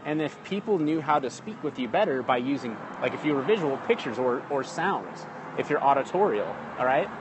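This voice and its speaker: A man's voice: mid-range voice, lively intonation, a little fast, noisy background. A man hosting a casual live-streamed lesson from his phone outdoors. He talks in a chatty way, keeps checking in with "okay?" and greets viewers mid-talk. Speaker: livestream host teaching communication basics. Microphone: phone livestream.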